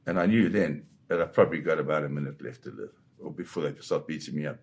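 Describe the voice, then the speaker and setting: An older man, a war photographer, recounting a dramatic story in an interview with vivid, halting restarts. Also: a bass voice, creaky, darkish tone.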